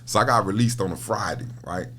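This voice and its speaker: A man's voice: fairly low pitch, brisk, sharp tone, slight background noise. A middle-aged man talking as a podcast guest in casual conversation, telling stories with repeated words and frequent laughter. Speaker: podcast guest, prison minister. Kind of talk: casual interview talk.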